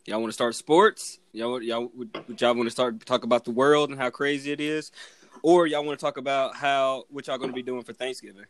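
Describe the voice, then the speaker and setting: A man's voice: mid-range voice, steady tone, a little fast. A man hosting a casual podcast chat with friends, joking, laughing and cussing as he talks. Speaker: podcast host.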